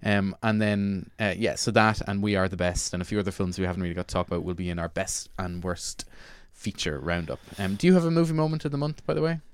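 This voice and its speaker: A man's voice: low voice, quick pace, hardly any pauses, clean tone, no echo. A man hosting a film podcast, chatting casually and enthusiastically about new releases with plenty of fillers. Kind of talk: casual film review chat.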